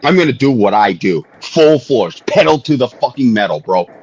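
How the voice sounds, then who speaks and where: A man's voice: mid-range voice, very animated, moderate pace, darkish tone, breathy edge, muffled recording. A man ranting angrily on a livestream, profane and heated, hammering the same jabs over and over. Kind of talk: angry livestream rant. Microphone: streaming mic.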